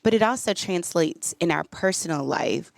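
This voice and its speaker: Affirming woman host, lowish dry voice. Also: expressive, normal speed, creaky, no room sound. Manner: warm affirming interjections, repeats "so beautiful". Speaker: podcast host and coach. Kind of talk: casual interview chat.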